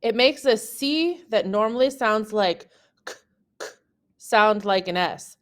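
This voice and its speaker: Slow, careful woman teaching a lesson. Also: medium pitch, lively intonation, fairly bright tone. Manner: slow, careful, spells out example words. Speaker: French teacher. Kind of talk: scripted lesson narration.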